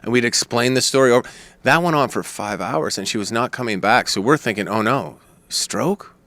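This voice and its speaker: A man chatting as a podcast guest, telling a long story in a rambling, animated way and quoting others. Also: mid-range voice, normal speed, dry recording. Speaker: comedian guest.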